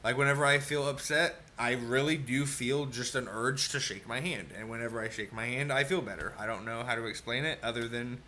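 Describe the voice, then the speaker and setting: A man's voice: medium pitch, steady tone, fairly quick, hardly any pauses, pushed and bright, a little hiss or hum. A man from Oklahoma with an Oklahoma accent, talking to camera in an earnest, step-by-step way as he explains a topic. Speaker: autistic vlogger explaining masking. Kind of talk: explanatory solo talk to camera.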